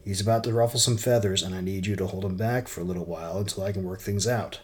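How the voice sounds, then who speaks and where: A man's voice: sits low, fairly even intonation, fast, close to an everyday voice. A man voicing a stressed, evasive publisher. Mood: tense. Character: male newspaper owner, stressed and evasive.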